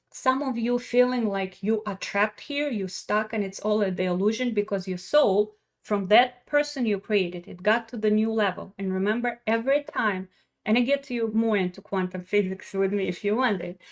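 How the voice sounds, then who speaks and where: A middle-aged woman, a wellness coach giving a blunt, profane motivational talk. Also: mid-range voice. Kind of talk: motivational monologue.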